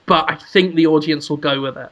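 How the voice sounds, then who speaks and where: A man's voice: on the high side, steady tone, fairly quick, a bit bright, highs cut off. A man co-hosting a podcast, rambling through a comic story with giggles and off-the-cuff asides. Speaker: podcast co-host.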